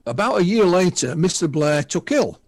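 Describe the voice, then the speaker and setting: A man's voice: high voice, big pitch swings, moderate pace, no echo. A man in his sixties from the north of England, with a Northern English accent, chatting as a guest and retelling witness stories with asides. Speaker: guest UFO researcher. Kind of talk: casual radio interview storytelling.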